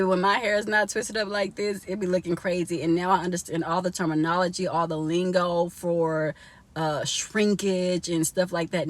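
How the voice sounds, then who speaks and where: A young woman vlogging casually from inside a car, chatty and laughing often as she talks to her viewers. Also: on the low side.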